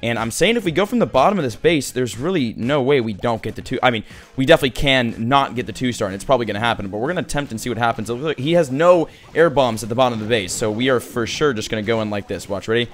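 A young man commentating his mobile strategy game play as a YouTuber, excitable and prone to hype shouts. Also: medium pitch, quick pace. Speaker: gaming YouTuber.

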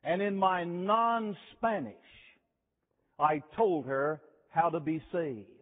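A man preaching a sermon, telling stories slowly and emphatically, repeating key phrases. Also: on the high side. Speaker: revival preacher. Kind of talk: sermon with storytelling. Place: chapel. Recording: tinny lo-fi chapel recording with long reverb.

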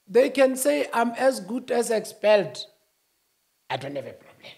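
A man speaking as a union-leader guest, emphatic, rising to shouts and then dropping low. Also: sing-song, moderate pace, creaky. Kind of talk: animated interview talk.

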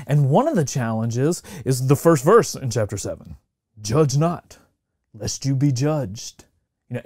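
A man's voice: mid-range voice, warm tone, no room sound, clean studio sound. A middle-aged man, a pastor, preaching a sermon in a conversational way and acting out the voices of people he quotes. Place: church sanctuary.

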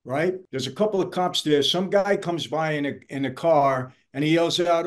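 A man's voice: a little high, expressive, normal speed, hardly any pauses. An older man co-hosting a podcast, telling stories in a blunt, emphatic way. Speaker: podcast co-host. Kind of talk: casual chat.

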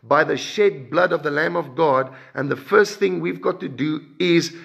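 A man preaching a sermon in an emphatic way, with sudden rises and drops in pitch and loudness and frequent repeated words. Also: normal speed, gravelly.

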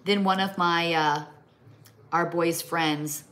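A woman's voice: fairly low pitch, fairly even intonation, takes it slowly, fairly bright tone, a little hiss or hum. A middle-aged woman from the American Midwest chatting casually on a livestream while she crafts, rambling and breaking off to talk to her pets. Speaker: livestream host. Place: home kitchen or craft table.

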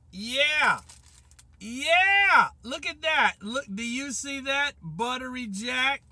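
A man speaks in an extremely high register with a sharp, bright tone. He chats in a casual, upbeat way while sitting in his car, looping back to the same catchphrases. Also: slight background noise. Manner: chatty, upbeat, repeats catchphrases. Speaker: vlogger reviewing fast food. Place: in a parked car.

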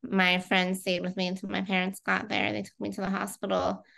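A woman's voice: medium pitch, monotone, fairly quick, vocal fry, fairly bright tone. A woman in her thirties, a guest in a casual interview, telling her own story in a chatty way with frequent fillers.

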